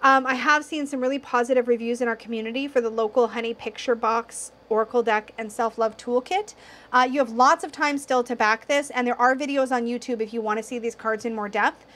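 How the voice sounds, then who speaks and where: A young woman reviewing tarot decks in a casual video, slightly tipsy, excitable and giggly, cursing now and then. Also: fairly high pitch, fairly quick. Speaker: tarot YouTuber.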